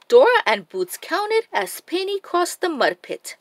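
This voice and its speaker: A woman reading a children's picture book aloud in an expressive, animated way. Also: medium pitch, measured pace, few pauses, no room sound. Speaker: storybook reader.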